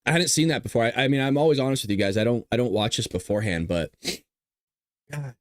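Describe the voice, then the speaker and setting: A man's voice: medium pitch, very fast, no echo, clean studio sound. A man hosting a podcast, talking casually and emotionally, choked up and rambling. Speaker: podcast host. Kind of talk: casual commentary.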